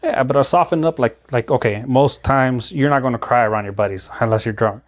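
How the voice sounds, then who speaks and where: A man's voice: mid-range voice, a little fast. A man hosting a podcast in casual chat, rambling with frequent laughs and restarts. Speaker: podcast host.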